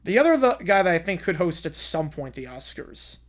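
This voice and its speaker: A man's voice: sits high, sing-song, moderate pace. Rambling male live streamer. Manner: rambling, repeats himself. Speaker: streamer host. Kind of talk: casual live-stream chat.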